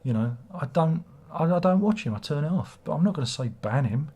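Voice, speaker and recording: A man's voice: on the high side, lively intonation, a little fast, mellow, slightly rough, highs cut off. A man hosting a casual livestream, rambling and swearing as he reads viewer comments aloud. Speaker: livestream host.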